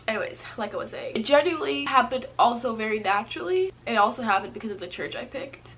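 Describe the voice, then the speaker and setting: A woman's voice: fairly high pitch, expressive, quick pace, few pauses, fairly bright tone, slightly rough. A woman in her early twenties, talking through a casual sit-down vlog rant into her camera at home, rambling and restarting her sentences, tearful and crying at times. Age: early 20s. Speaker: vlogger.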